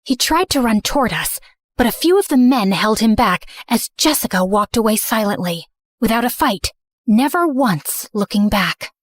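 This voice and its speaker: A woman's voice: on the high side, lively intonation, moderate pace, dry recording, studio quality. Young woman narrating in first person. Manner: earnest, emotional storytelling.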